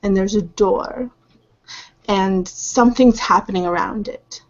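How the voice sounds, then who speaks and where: In a dull, lo-fi recording, a woman with a mid-range voice speaks at a measured pace. She runs a tabletop game as game master, painting scenes vividly and imitating sounds.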